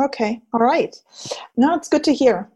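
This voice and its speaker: A woman's voice: on the high side, animated, moderate pace, mellow, dull audio, slight background noise. A woman with a German accent hosting an interview, talking in a thoughtful, conversational way. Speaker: interview host. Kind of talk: casual conversation.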